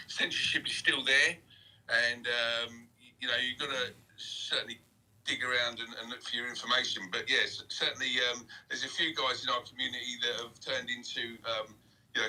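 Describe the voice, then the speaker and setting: A man's voice: medium pitch, bright, forceful tone, low-quality recording. A man from England now living in Australia, with an English accent mixed with Australian, calling in to a live show and talking hesitantly with many fillers. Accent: English with Australian mix. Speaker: caller. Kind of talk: casual call-in chat.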